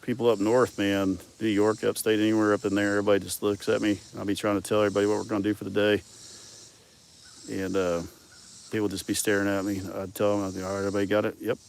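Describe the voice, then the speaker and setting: A man with a thick Arkansas drawl talks in a loose, folksy ramble, salting his stories with cusses and running his words together. His voice sits on the low side. Faint insect chirps carry from the countryside around him. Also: flat delivery, quick pace, vocal fry, a little hiss or hum. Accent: Southern US, Arkansas. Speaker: vlogger. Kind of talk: rambling casual storytelling.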